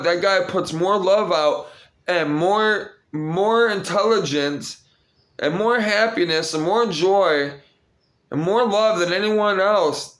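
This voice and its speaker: Rambling, preachy young man vlogging. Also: high-pitched. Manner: rambling and preachy, repeating words while searching; gets loud and excited when retelling a story. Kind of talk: casual vlog monologue.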